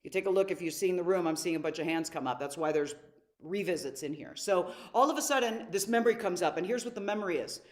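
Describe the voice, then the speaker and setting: A woman's voice: on the low side, quick pace, darkish tone. A woman leading a live online workshop, teaching with energy and asking her audience questions. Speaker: workshop leader.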